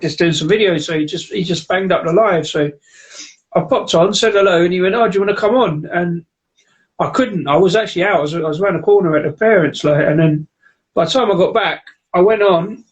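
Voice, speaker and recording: A man's voice: high voice, fairly quick, lo-fi sound. A man co-hosting a live beer review stream, chatty and greeting viewers as they pop in. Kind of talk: casual live-stream chat.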